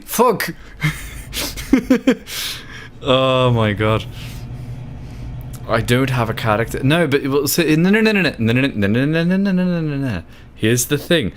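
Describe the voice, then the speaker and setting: A man's voice: medium pitch, slight background noise. A drunk Australian man livestreaming a game, chatting in a rambling, sweary, giggly way. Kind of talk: casual chat while gaming.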